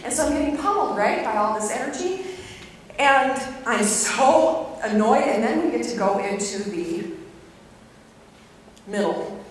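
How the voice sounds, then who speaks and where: A middle-aged woman giving a humorous sermon as a guest speaker, telling a personal story with animated storytelling and bursts of mock anger. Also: on the high side, measured pace, pauses often, slight background noise. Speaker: guest speaker at a church service. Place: large church hall. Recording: echoey hall recorded from far off.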